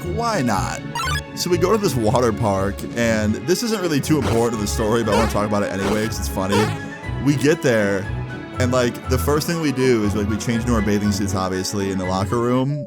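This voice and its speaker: Twenties guy, slightly low voice, chill rambling storyteller; music bed runs under him. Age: 20s. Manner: laid-back, rambling, heavy use of "like" and "right?". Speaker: storytime YouTuber. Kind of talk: casual storytime narration.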